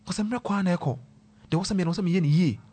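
A Ghanaian man hosts a talk show, telling viewers a passionate, emotional story from his own life in a blend of English and Twi. His voice is high and mellow, and he speaks quickly.

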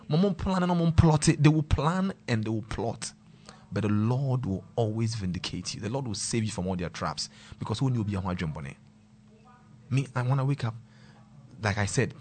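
A man's voice: medium pitch, husky. Passionate Ghanaian man on a talk show. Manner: passionate, switching between English and Twi. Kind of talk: emotional personal testimony to viewers.

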